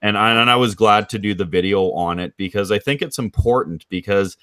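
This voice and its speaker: A man from Canada, a guest on a livestream, chatting in a relaxed, easygoing way. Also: fairly low pitch, brisk, clean tone, no echo, studio quality. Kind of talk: casual chat on a livestream.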